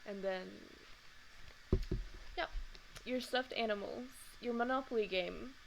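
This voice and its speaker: A woman's voice: a little high, slow pace, vocal fry, a little hiss or hum, low-quality recording. A young woman hosting a read-aloud of a children's book, adding chatty asides. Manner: chatty asides between reading.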